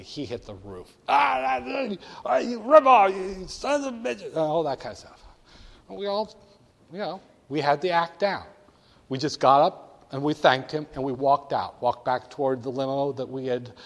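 Wry older man telling a story. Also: medium pitch. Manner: wry, candid storyteller acting out quoted voices. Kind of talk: storytelling anecdote. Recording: long hall reverb.

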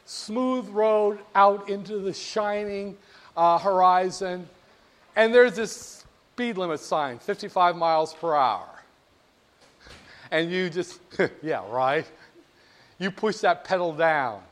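A male lecturer giving a classroom lecture in a lively, jokey way, speaking straight to his students. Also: high-pitched, slow pace, pauses often.

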